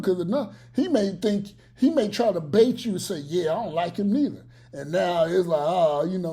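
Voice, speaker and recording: A man talks through a reaction video in a slow, unhurried drawl. His tone is mellow and soft-edged, yet his words are blunt, profane and preachy. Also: very high-pitched. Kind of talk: casual reaction commentary.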